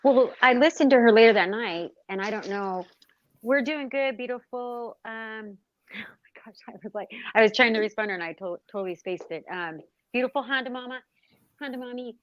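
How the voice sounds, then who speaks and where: A woman's voice: fairly high pitch, brisk. A woman speaks bluntly and indignantly as a livestream co-host, swearing freely. The sound is dry and a little dull, with no room echo. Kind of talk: casual livestream chat.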